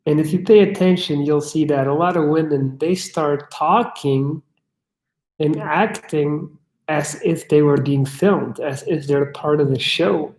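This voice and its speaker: A man's voice: a little high, unhurried, a little mellow. A young man hosting a casual livestream, bluntly chatting and swearing as he answers chat questions. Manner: blunt, swears, reads chat aloud and riffs. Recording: echoey room.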